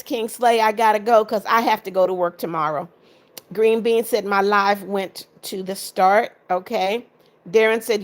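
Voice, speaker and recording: A woman hosting a casual livestream who reads viewers' comments aloud and answers each by name in a motherly, reassuring way, with an unhurried rhythm full of "okay" and "um.". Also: mid-range voice. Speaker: livestream host.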